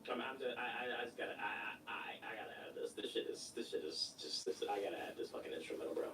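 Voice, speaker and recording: A man streaming live and reacting with profane, excitable commentary, laughing loudly between remarks. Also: on the low side, quick pace, echoey room, recorded from a distance, slight background noise, poor audio.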